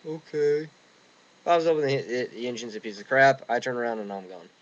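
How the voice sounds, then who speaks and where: A man's voice: mid-range voice, animated, a little fast, dull audio. A young man ranting casually and indignantly, rambling with restarts, recorded outdoors in the wind. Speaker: vlogger. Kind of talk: casual rant.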